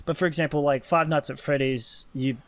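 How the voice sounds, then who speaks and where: Rambling Australian bloke, slightly high voice. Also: male voice, steady tone, a little fast. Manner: rambling, restarts often, teasing. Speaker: podcast co-host. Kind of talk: casual chat.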